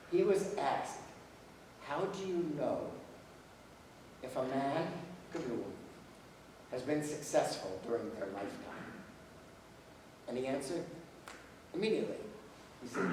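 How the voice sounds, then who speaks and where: Older guy telling stories at a talk, mid pitch, lots of room echo. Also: darkish tone, a little hiss or hum. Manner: folksy anecdotal storytelling with quoted dialogue. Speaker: lecturer. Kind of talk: storytelling lecture. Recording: echoey hall, voice from far off.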